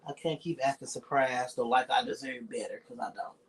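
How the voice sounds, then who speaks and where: A man's voice: medium pitch, fairly even intonation, a little fast, slight background noise, low-quality recording. A man with a Southern US accent, talking in a rambling, profane, reflective casual monologue as a streamer.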